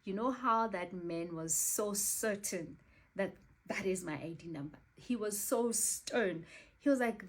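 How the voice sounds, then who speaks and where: A South African woman telling a scam story in a casual, animated, exasperated way, acting out both sides of the call. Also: mid-range voice, a little slow. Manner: animated, exasperated retelling with quoted dialogue.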